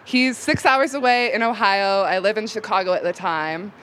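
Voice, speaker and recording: A woman's voice: mid-range voice, normal speed, a bit bright. Young woman, live storyteller, casual rambling, filler words, faint background noise. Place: live event venue.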